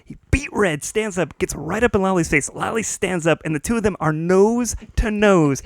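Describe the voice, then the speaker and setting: A man on a comedy podcast telling a long story with lively energy and laughing at his own punchlines. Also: sits high, normal speed, vocal fry. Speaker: podcast co-host. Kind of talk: casual storytelling.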